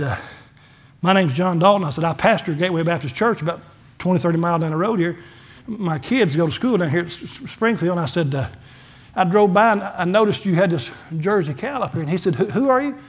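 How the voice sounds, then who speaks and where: A man's voice: high voice, a little fast. A middle-aged man, a pastor giving a folksy testimony sermon and acting out the dialogue in his stories. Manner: folksy storytelling, acts out dialogue, gets emotional.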